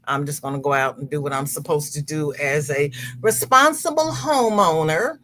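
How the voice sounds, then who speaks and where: An older woman hosting a casual crochet live stream, chatting warmly with viewers by name and reading out their comments. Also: deep voice, moderate pace, a little hiss or hum. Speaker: crochet livestream host.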